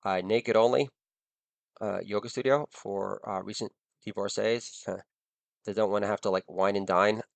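A man's voice: fairly low pitch, steady tone, unhurried, creaky, pauses often, no echo. A middle-aged man, a podcast host, delivering a crude comic monologue and laughing at his own jokes.

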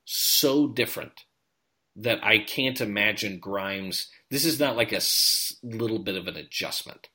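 A man co-hosting a podcast in casual sports chat, animated and full of quick restarts. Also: lowish voice. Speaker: podcast co-host.

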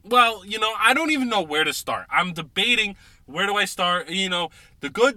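A tipsy man hosting a casual sports podcast, ranting and swearing in exasperation, with sudden loud outbursts between beers. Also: high voice, lively intonation, moderate pace, few pauses, no room sound. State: drinking beer, tipsy. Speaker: podcast host.

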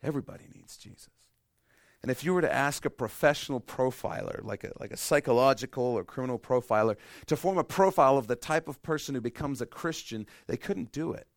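A man's voice: fairly quick, no room sound, clean studio sound. Dynamic man preaching a sermon. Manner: storytelling with wide swings between loud emphasis and hushed lows; self-deprecating humor. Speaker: pastor.

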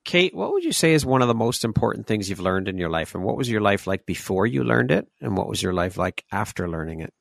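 A man's voice: lowish voice, very animated, fast, gravelly, few pauses, no echo. A man hosting a podcast interview, giving enthusiastic short affirmations and asking questions. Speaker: podcast host.

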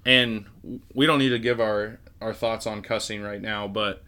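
A young man co-hosting a casual faith-based movie podcast, chatty and quick to laugh. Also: on the low side, fairly even intonation, pushed and bright, smooth. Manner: chatty, laughs often, restarts phrases. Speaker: podcast co-host.

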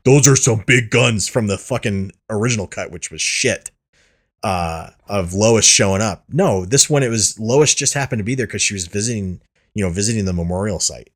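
A man's voice: on the low side, normal speed. A man hosting a casual podcast chat, rambling and restarting his sentences, swearing freely. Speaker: podcast host.

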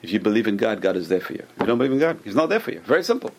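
A man with a lowish voice teaches a Torah class at a very fast clip, with slight background noise. He's an animated storyteller who acts out the people in his stories, often repeating and restarting his phrases.

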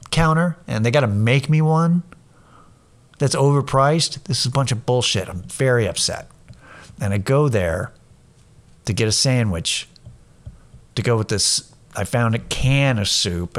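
Profane self-mocking storytelling man. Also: medium pitch. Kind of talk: casual storytelling monologue.

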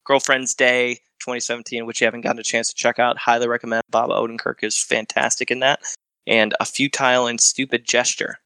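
Flat, bright-voiced man listing films. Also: mid-range voice, fairly quick, no room sound, rough recording. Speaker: podcast co-host presenting a filmography. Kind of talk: casual podcast rundown.

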